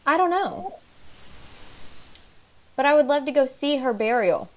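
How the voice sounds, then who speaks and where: A woman's voice: sits high, animated, unhurried. A young woman co-hosting a podcast, chatting casually with a giggly, rambling, blunt way of talking. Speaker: podcast co-host. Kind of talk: casual chat.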